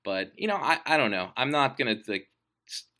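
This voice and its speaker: A man's voice: medium pitch, lively intonation, a little fast, pushed and bright. A man, an author, talking about his writing in a casual monologue, swearing often and rambling enthusiastically. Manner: profane and rambling.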